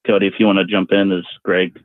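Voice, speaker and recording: A man's voice: deep voice, little pitch movement, quick pace, no room sound, narrow, tinny audio. A man co-hosting a live prank show, joking casually and often stammering at the start of his lines.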